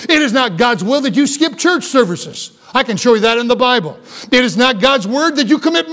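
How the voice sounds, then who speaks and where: A man's voice: extremely high pitch, a bit bright. A middle-aged man preaching a sermon as pastor, earnest and emphatic, with repeated phrases.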